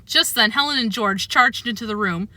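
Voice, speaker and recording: A woman reading a children's book aloud with expressive, animated storytelling, close to the mic. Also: on the high side, normal speed, a little hiss or hum. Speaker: narrator.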